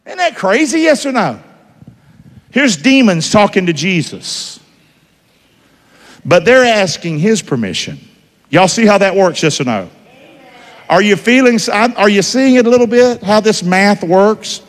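A male pastor with a drawl delivers a sermon in a lively, rising-and-falling voice pitched a little high for a man, speaking a bit slowly with frequent pauses. He addresses the congregation conversationally, constantly firing questions at them in call-and-response fashion. A long church-hall reverb colors the sound.

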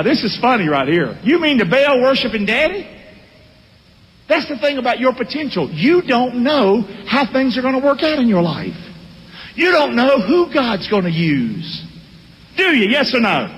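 A male pastor preaching a sermon, calling out to his congregation. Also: high voice. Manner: animated, calls out to congregation. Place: church hall. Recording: echoey hall.

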